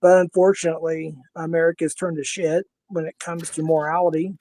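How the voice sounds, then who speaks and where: A man's voice: a little high, level tone, brisk, dark tone, dry recording. A man in his fifties with a Minnesota accent, hosting a casual livestream panel in a blunt, heated way and swearing freely. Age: 50s.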